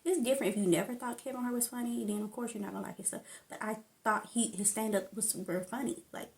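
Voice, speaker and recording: A woman talks through her favorite comedy in a loose, tangent-prone vlog chat, laughing often. Her voice sits a little high with a gravelly edge. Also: fast, a little mellow. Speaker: vlogger. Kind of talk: casual chat about stand-up comedy.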